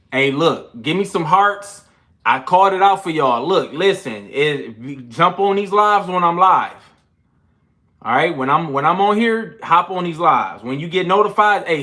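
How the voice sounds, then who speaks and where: A young man in a casual trading livestream, talking loose and slangy, out of breath after push-ups. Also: on the high side. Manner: loose, slangy and animated, counting push-ups between chart talk. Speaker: trading channel host.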